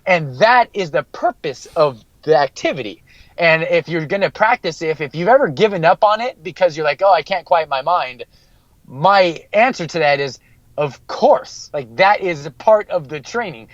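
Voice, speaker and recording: A man's voice: fairly high pitch, expressive, normal speed, no echo, lo-fi sound. A man working as a mental skills coach, giving an earnest podcast interview and repeating key phrases for emphasis.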